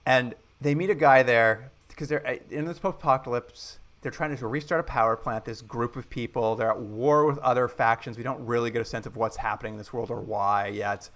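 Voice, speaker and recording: A man co-hosting a podcast, casually recapping a movie and acting out quoted lines with lively energy. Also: mid-range voice, a little fast, few pauses. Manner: animated retelling, acts out quoted lines. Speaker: podcast co-host.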